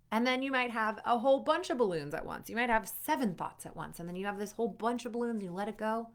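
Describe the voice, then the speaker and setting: A woman's voice: a little high, fast, few pauses. Upbeat woman coaching athletes. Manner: upbeat and conversational, speaking directly to the viewer; quotes an athlete's inner voice with lively put-on emotion. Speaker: sport psychology performance coach. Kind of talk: motivational coaching talk to camera.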